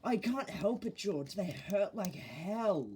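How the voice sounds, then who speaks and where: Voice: mid-range voice, lively intonation, slow, a little mellow, a little hiss or hum, pitched above the performer's own voice. A narrator voicing a grumpy, rude male tank engine who whines and snaps. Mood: whiny. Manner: snappy, whiny, sneezy.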